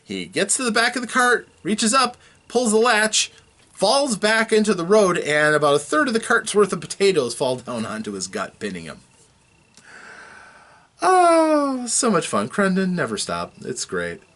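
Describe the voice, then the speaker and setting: A man serving as dungeon master, casually recapping a tabletop game session, telling it with animated chuckles and restarts. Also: high voice, normal speed.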